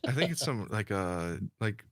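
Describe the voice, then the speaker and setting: A young man chatting with friends, joking and quick to quote bits. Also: lowish voice, very animated, dry recording, studio quality. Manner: jokey, drops into mock voices and quotes. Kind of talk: casual chat among friends.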